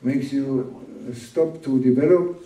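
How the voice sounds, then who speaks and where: Dark-voiced man preaching from afar. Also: medium pitch. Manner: plain, halting, repeats words for emphasis. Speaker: sheikh teaching a religious talk. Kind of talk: informal sermon from notes. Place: gathering room at a summer camp. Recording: roomy room, distant mic.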